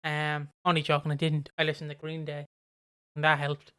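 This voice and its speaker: A co-host chatting loosely on a soap podcast, drifting from one story to the next and swearing without a second thought. The voice is smooth and clean, sitting at a middling pitch. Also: completely flat delivery, normal speed, bright, forceful tone. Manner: rambling storyteller, swears freely. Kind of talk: casual chat.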